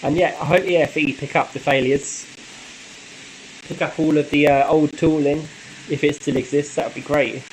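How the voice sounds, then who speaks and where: A man hosting a laid-back live stream, reading out and answering viewer comments in a loose, chatty way. He laughs lightly and often. His voice sits a touch high, and a faint hum of noise runs underneath. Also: steady tone, moderate pace, low-quality recording. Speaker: model railway channel host.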